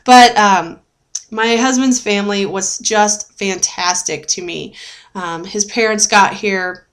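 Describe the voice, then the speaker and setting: A woman's voice: mid-range voice, fairly even intonation, slow pace. A young adult woman talking in a casual video diary, chatty and rambling with lots of fillers, often laughing and getting emotional. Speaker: vlogger sharing a weight-loss journey.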